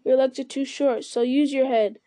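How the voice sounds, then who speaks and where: A woman's voice: high-pitched, steady tone, moderate pace, warm tone, no echo, close to an everyday voice. A woman voicing an earnest, plain-spoken male hobbit servant in a read-aloud story. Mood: determined.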